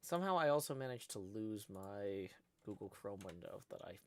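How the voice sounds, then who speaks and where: A man's voice: lowish voice, animated, moderate pace. A man hosting a live stream, chatting in a joking, scatterbrained way. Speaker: streamer host. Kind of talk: casual chat.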